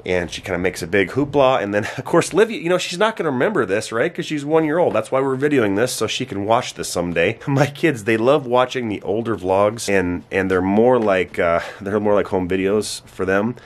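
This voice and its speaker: A man's voice: fairly low pitch, animated, fairly quick, few pauses. A man in his thirties, a father talking to the camera in a casual family vlog, earnest, repeating words as he gets emotional. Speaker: vlogger, father. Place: home in Alaska.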